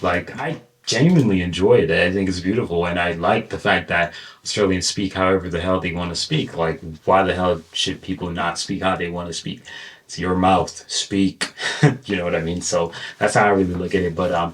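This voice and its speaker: A man's voice: low voice, far from the mic. An American man hosting a reaction video, talking casually and animatedly, with many "like"s and "bro"s. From United States. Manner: animated, repeats himself, says "bro" and "like".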